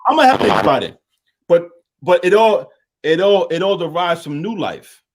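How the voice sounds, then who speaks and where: A man's voice: sits high, animated, moderate pace. A man talking as a guest in a casual call-in chat, in a laid-back, streetwise way with many fillers. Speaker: guest, media and water business owner. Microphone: call-in line.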